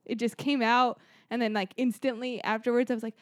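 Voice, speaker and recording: A woman's voice: a little high, steady tone, moderate pace, dry recording, studio quality. A woman co-hosting a podcast, telling a story casually with lots of fillers and laughs. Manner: chatty storytelling with frequent "like" and laughs. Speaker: podcast co-host.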